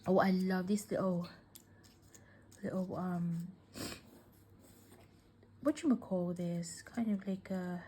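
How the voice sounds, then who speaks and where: Woman, vlogger, slow-talking, gushing, tearful, soft whispers, faint background noise. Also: on the low side, steady tone. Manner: gushing, emotional, often breaking into soft whispers; slow, with many fillers and sighs. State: tearful, welling up. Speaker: crafting vlogger. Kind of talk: casual unboxing chat.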